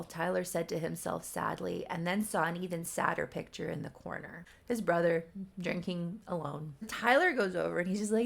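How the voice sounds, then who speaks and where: A woman's voice: lowish voice, a little slow, vocal fry. A woman reading her own old story aloud in a casual, amused way, with wry asides. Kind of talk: casual riffing read-aloud.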